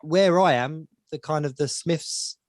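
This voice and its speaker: A man's voice: a little high, measured pace, no room sound, clean studio sound. A man co-hosting a casual podcast chat, rambling and repeating words as he thinks. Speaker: podcast co-host.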